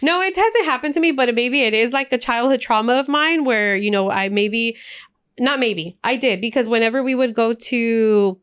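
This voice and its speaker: A woman's voice: a little high, moderate pace, a bit bright, smooth. A woman co-hosting a podcast, telling stories in a chatty, emotional way and slipping in Spanish phrases. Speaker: podcast co-host. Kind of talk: casual podcast chat.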